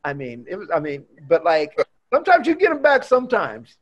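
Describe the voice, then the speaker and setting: A man in his fifties, a former pro baseball player, chatting as a podcast guest and telling relaxed, expressive stories. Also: sits high, fairly quick. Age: 50s. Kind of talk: casual chat. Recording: dull lo-fi remote audio.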